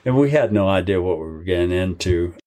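Give me an older man with a low voice spinning a folksy story about horses. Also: animated, brisk, dark tone, a little hiss or hum. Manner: folksy, long-winded storyteller. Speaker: horse trainer. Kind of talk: storytelling in an interview.

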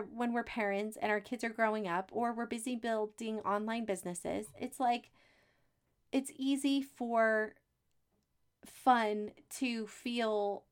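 A woman's voice: on the high side, smooth. A woman, hosting a podcast in a chatty, upbeat way with folksy asides and frequent laughs. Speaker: podcast host. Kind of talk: casual solo podcast talk.

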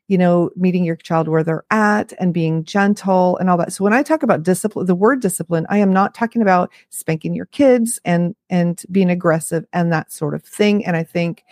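A woman's voice: lowish voice, moderate pace, hardly any pauses, darkish tone, no room sound, studio quality. Chatty, frank woman in her fifties. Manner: chatty, frank, self-deprecating asides. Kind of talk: casual talk to camera.

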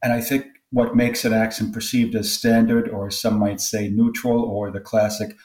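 A man's voice: on the low side, flat delivery, moderate pace, a little mellow. A man, a guest sociolinguist, giving thoughtful, expansive interview answers. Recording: roomy echo.

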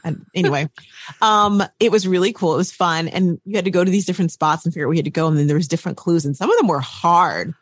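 A woman co-hosting a podcast, chatting in an animated, rambling way. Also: on the low side, fast, dry recording, studio quality. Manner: animated, rambling, says y'all. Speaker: podcast co-host. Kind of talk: casual chat.

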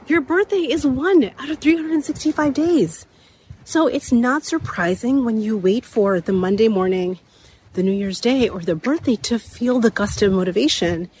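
A woman in her thirties hosting a motivational talk while walking uphill outdoors, a bit out of breath, her voice slightly raspy, repeating key points and laughing often. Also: fairly high pitch, normal speed, a little mellow, a little hiss or hum. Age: 30s. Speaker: podcast host.

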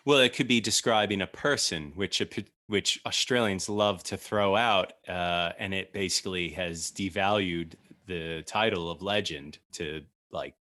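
A man co-hosting a casual podcast chat, animated and laughing often, often restarting his sentences. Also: sits low, measured pace, few pauses. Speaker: podcast co-host.

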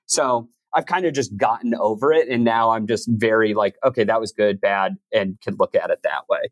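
A man's voice: fairly low pitch, normal speed. A man reflects casually on his own work in an interview, filling his speech with "like". The sound is close and dry, with no room echo. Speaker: podcast host and narrator. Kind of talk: interview conversation.

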